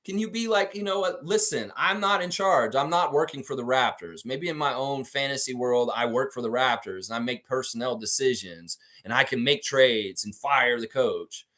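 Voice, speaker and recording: A man hosting a live sports chat stream, reading viewer comments and ranting in a profane, animated way. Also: moderate pace, few pauses. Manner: animated, profane, mocks fans with whiny high baby voices. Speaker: podcast host.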